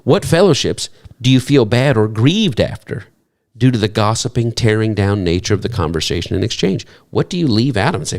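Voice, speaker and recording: Gravelly-voiced pastor preaching conversationally. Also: male voice, brisk. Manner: animated, jumps into high-pitched acted quotes; conversational, self-deprecating humor. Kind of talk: sermon.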